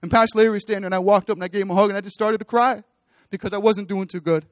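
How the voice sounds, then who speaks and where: Man, high-pitched, earnest church testimony, repeats phrases, dry sound. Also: fairly even intonation, racing, no echo. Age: adult, with children. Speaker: church speaker giving testimony. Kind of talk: testimony sermon. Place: church stage.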